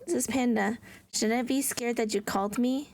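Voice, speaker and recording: A woman's voice: a little high, steady tone, normal speed, vocal fry, a little mellow. A woman streamer chatting live with her viewers, giggly and playful, teasing them with dramatic mock outrage.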